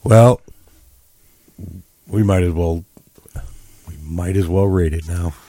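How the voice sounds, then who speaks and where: A man's voice: low voice, slow pace, warm tone. A man co-hosting a podcast, chatting casually about a movie with dry, wry remarks. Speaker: podcast co-host. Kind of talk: casual movie review chat.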